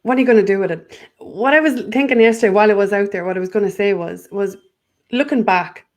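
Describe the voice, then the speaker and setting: A woman's voice: medium pitch, quick pace, a little mellow. Rambling woman. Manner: rambling, repeats words, restarts often. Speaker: guest. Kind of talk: casual spiritual chat.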